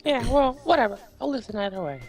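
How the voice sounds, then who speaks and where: A woman putting on a sly, lively cat-boy. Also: fairly high pitch, fast talker, gravelly, faint music behind. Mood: teasing. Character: sly teasing male cat-boy, moody.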